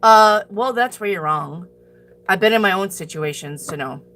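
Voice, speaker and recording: A woman's voice: medium pitch, moderate pace, fairly bright tone. A woman reading tarot on a live stream, talking bluntly and profanely as she answers her chat and hands out tough advice.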